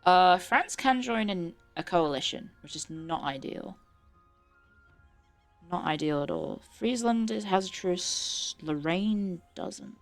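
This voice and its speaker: A woman's voice: lowish voice, animated, takes it slowly, faint music behind. A woman streamer giving casual, chatty commentary while playing a strategy game, muttering to herself and swearing now and then.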